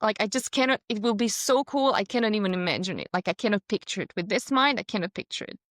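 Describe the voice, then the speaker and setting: This podcast guest, a woman, tells an animated story in casual talk, with laughs and quoted voices. She speaks at a quick pace and medium pitch, in clean studio sound free of room noise.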